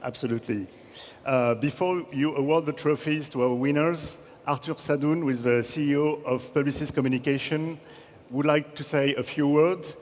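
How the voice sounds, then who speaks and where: A man's voice: on the high side, steady tone, normal speed, darkish tone. Man hosting an awards ceremony in a hall. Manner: courteous, directing people on stage. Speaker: ceremony host. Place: large conference hall. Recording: hall reverb, audience and ambient noise.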